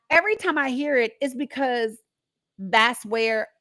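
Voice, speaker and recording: A high-voiced woman with a Southern American accent hosts a live show, speaking bluntly and cursing freely. She laughs often and talks straight to her viewers as y'all. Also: lively intonation, slow pace, bright, forceful tone. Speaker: talk show host. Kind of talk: live-stream commentary.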